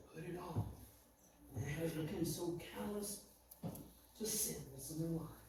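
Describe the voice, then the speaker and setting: A man preaching a sermon, telling a story dramatically, swinging between loud and hushed. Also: a little high, unhurried, long pauses. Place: church sanctuary. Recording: echoey church from far off, faint noise.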